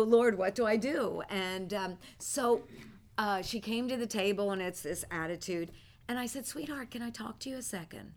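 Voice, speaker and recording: A woman teaching a ministry class, telling stories in an animated way and often breaking into laughter. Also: medium pitch. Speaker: church teacher.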